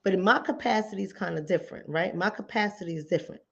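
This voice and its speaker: On a dull, lo-fi recording, a mental health talk show host speaks quickly in a mid-range voice that's creaky, slightly rough, and a touch bright. Her commentary is informal and conversational, and she plays out callers' lines alongside her replies. She leans on repeated phrases to stress what she means.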